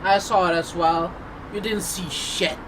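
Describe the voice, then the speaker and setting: A man's voice: high-pitched, steady tone, a little slow, background noise. A man streaming live, reacting to a video with profane, sarcastic, rambling commentary.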